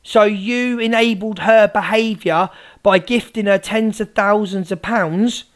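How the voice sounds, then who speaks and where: A woman's voice: mid-range voice, fairly even intonation, unhurried. A woman live streamer ranting, sweary, sarcastic and combative. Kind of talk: livestream rant.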